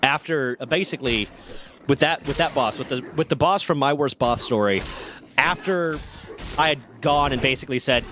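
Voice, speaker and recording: A man co-hosting a gaming stream, telling candid, profane stories in casual chat with lively swings in his delivery. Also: medium pitch, normal speed, slight background noise. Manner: candid, profane, animated storyteller.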